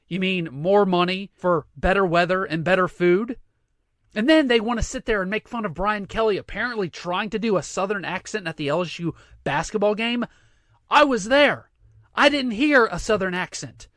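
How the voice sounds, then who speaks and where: High-voiced man ranting sarcastically. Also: normal speed, a bit bright, no echo. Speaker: sports commentary host. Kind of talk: sports rant monologue.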